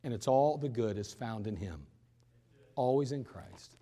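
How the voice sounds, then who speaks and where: A man preaching an impassioned sermon in a church, swinging between loud urgent pleas and quiet hushed moments. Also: medium pitch, lively intonation, a little slow, husky, big-room sound. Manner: impassioned preaching, rising and falling in force. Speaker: pastor.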